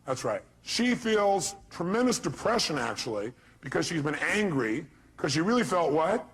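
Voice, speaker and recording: A man's voice: a little high, sing-song, measured pace, a bit bright, slightly rough. A man giving a motivational seminar talk, punchy, firing rhetorical questions at a live audience and acting out voices. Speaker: motivational speaker.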